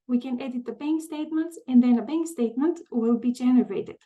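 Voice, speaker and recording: A woman presenting a software walkthrough in a webinar, methodical, often pausing with "um" and repeating words. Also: sits high, poor audio. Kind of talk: webinar screen-share walkthrough.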